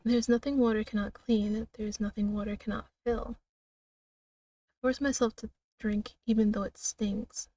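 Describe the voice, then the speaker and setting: Woman streamer reading a story game out loud, high mellow voice, kinda dramatic, sounds a bit off mic. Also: flat delivery, recorded from a distance. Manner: slow, dramatic reading broken by laughs and asides. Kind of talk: reading a narrative game aloud.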